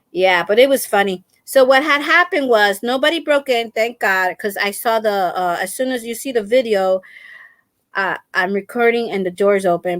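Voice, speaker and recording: A middle-aged woman hosting a crafting livestream, telling a story to her viewers in a casual, animated way, laughing often and repeating herself. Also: medium pitch, no room sound. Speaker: crafting channel host.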